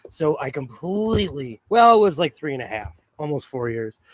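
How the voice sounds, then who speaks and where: A middle-aged man from Pennsylvania chats through a sewing livestream, greeting viewers by name and laughing easily. His voice sits a little high for a man and comes through slightly hoarse, as if he is feeling under the weather. The sound is dry and close. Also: sing-song, moderate pace, dry recording. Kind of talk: casual live-chat while sewing.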